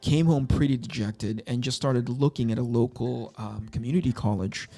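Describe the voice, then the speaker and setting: A man's voice: mid-range voice, steady tone, normal speed, warm tone. A middle-aged man hosting a casual livestream, telling rambling, self-deprecating stories about his career. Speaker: livestream host. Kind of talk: casual livestream chat while drawing.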